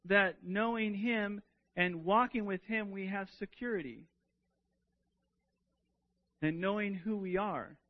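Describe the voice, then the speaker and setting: The sermon comes from a high-voiced man who takes his time, speaking with earnest conviction and often doubling a word when he begins a thought anew. The audio quality is dull and low-fidelity.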